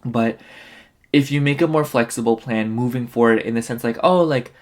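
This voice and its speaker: A man gives a relaxed pick-a-card tarot reading, his voice sitting in an ordinary middle range. He sounds a little tired and keeps circling back with loose, rambling asides. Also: mid-range voice, moderate pace. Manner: rambling, full of "like" and "you know". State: tired, yawning. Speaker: tarot reader.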